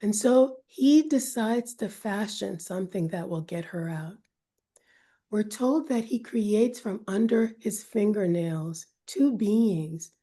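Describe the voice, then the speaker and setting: A woman storyteller retelling an ancient myth in a measured, dramatic way, sometimes dropping to a whisper. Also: mid-range voice, dark tone.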